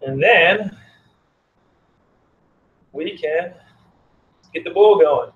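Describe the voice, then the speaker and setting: A man's voice: a little high, drawn-out words, phone-quality sound, slight background noise. A man homebrewing outdoors in the cold, chatting casually on a live stream and reading chat messages aloud.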